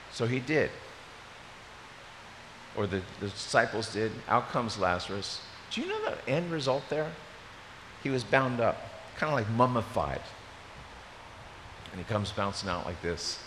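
A lively middle-aged man preaching, his pitch leaping up and down as he tells stories and cracks jokes. His voice is bright and sharp, and it rings through a large reverberant hall with a faint hiss under it. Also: measured pace, pauses often. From Maryland, USA. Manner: animated storyteller with joking asides. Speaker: pastor. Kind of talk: sermon.

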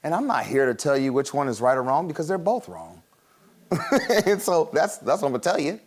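A man preaching a sermon in a casual, conversational way, laughing often and acting out quick voices as he teaches. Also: on the high side, sing-song. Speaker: pastor.

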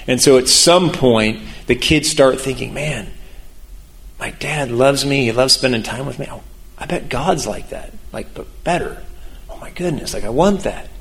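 A middle-aged pastor giving a sermon in an animated, conversational way, laughing often. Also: male voice, medium pitch.

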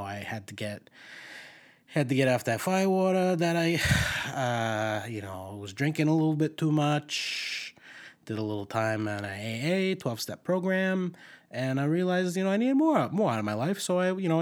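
A man with a Scranton, Pennsylvania coal-region accent co-hosting an improvised comedy podcast, rambling and halting with lots of fillers. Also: medium pitch. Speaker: podcast co-host.

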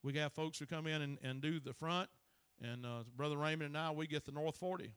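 A man's voice: on the high side, brisk, a bit bright, clear, resonant tone, dry recording. A man, preaching a folksy sermon that rises into emphatic bursts. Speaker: pastor.

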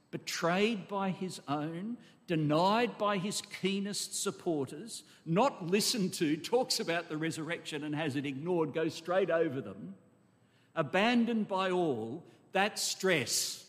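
A man preaches an expository sermon with emphasis, peppering it with rhetorical questions and asides to his congregation. His voice sits high and animated, and his pace is slow. The recording carries the long echo of a large hall.

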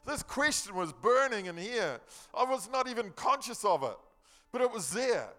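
A man's voice: high voice, big pitch swings, moderate pace, sharp tone, faint music behind. A man preaching a sermon, telling the story earnestly and emphatically in a loose, conversational way with casual slang.

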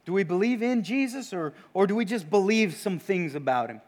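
Male preacher with a high voice, earnest and probing, leaning into quiet emphasis. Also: animated, a little fast. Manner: earnest, questioning, often drops to a hushed emphasis. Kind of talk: sermon.

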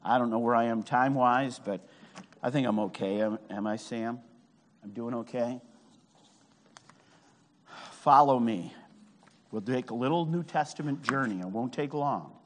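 A man preaching a fervent sermon at a camp, swinging from hushed words to shouted, drawn-out emphasis. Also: medium pitch. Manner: draws out key phrases slowly. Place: meeting hall at a camp. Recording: long hall reverb.

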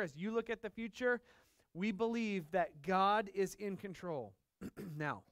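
A male pastor delivers a sermon in a high, smooth voice, hammering his points home by repeating them. He often stops to put questions to the congregation. The sound is dry and close. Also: no room sound. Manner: emphatic, repeats key phrases, asks the congregation questions; acts out dialogue in lively voices.

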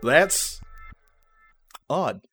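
A man's voice: on the high side, sing-song, drawn-out words, fairly bright tone, soft background music. A man co-hosting a podcast in casual chat, joking and laughing often, for whom English is not his first language. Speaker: podcast co-host. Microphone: new podcast microphone.

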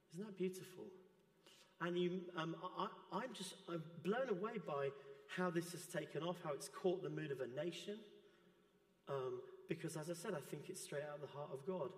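A man preaching a sermon in a church, gentle and earnest. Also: a little high, moderate pace, reverberant, long reverb tail. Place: church hall.

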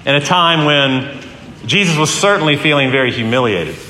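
Man in his fifties preaching, bright forceful tone, earnest storytelling, echoey reverberant hall. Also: on the high side, lively intonation, normal speed. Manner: earnest, storytelling, emphatic with repeated phrases. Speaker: pastor. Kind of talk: sermon. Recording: roomy hall with long reverb, faint ambience.

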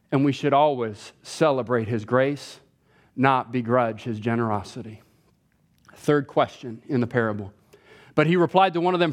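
Delivering a sermon with animation, this pastor tends to repeat words at the start of phrases. His pitch climbs whenever he imitates others' complaints.

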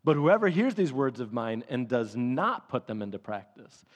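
A man preaching a sermon, telling a story with laughs and lively energy. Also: medium pitch, moderate pace. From Michigan. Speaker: pastor. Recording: long hall reverb.

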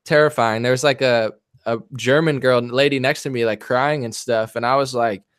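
A man's voice: medium pitch, fairly even intonation, normal speed, a bit bright, clean tone, dry recording. Podcast host, male, casual rambling storyteller with a joking edge; dry, close sound. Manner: rambling and jokey. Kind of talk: casual chat.

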